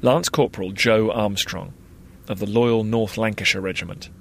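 Low-voiced documentary narrator, man. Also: moderate pace, vocal fry, slight background noise. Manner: formal, steady delivery. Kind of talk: scripted narration.

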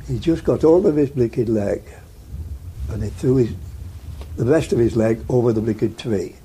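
Older man, very dark voice, rambling storyteller, interview. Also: mid-range voice, moderate pace, a little hiss or hum, low-quality recording. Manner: rambling, vivid storyteller with repeats. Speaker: war veteran interviewee.

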